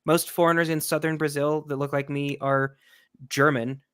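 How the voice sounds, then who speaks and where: An American man in casual chat, animated and mocking as he acts out quoted voices. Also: a little high, normal speed, clean tone, no echo, studio quality. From United States.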